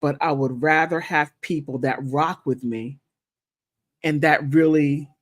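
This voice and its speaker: A woman hosting a casual livestream, chatting playfully and thanking viewers, with high laughs and quiet, sincere asides. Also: steady tone, a little slow, no echo, clean studio sound. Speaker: content creator hosting a livestream. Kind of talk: casual livestream chat reacting to gossip and viewer comments.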